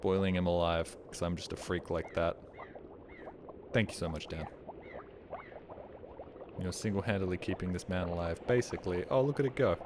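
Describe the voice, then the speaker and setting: A man's voice: sits low, moderate pace, pauses often, background noise. A man streaming a game, chatting casually with mumbled, joking asides.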